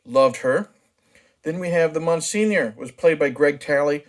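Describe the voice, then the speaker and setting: A man's voice: fairly high pitch, moderate pace. A man casually reviewing a movie, talking frankly and chatting loosely with plenty of restarts. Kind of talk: casual spoken film review.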